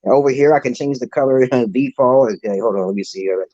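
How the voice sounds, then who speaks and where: A man's voice: medium pitch, fast, mellow, no room sound. A man hosting a livestream in casual chat, rambling, profane and boastful, talking into his phone. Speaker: livestream show host. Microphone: phone, streaming from a mobile. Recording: dull lo-fi stream audio, dry.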